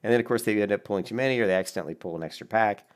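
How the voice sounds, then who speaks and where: A man's voice: on the low side, rapid-fire, smooth. A man giving casual, rambling reaction commentary on game clips, swearing freely and laughing often. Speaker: gaming video commentator.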